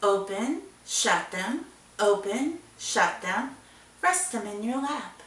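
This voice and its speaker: Woman children's librarian for storytime: bright, unhurried, sing-song, a bit off-mic in an echoey room. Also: medium pitch, distant mic. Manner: animated, sing-song, talking to young children. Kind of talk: storytime with songs and reading aloud.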